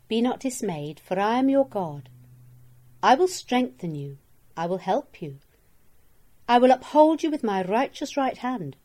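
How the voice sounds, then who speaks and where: A woman reads scripture aloud for a daily devotional, her voice sitting a little high. She takes her time over each line, measured and solemn, and reads out every verse reference. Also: dark tone. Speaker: scripture reader. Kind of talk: slow devotional Bible reading.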